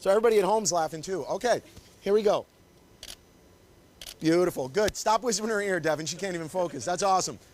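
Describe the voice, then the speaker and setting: Male photographer-instructor, high-pitched, encouraging, keeps directing poses on a body mic. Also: expressive, fast, long pauses, slight background noise. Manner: upbeat, coaxing, directs the couple constantly. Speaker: wedding photographer teaching. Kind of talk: live posing demonstration. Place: confined indoor shooting space.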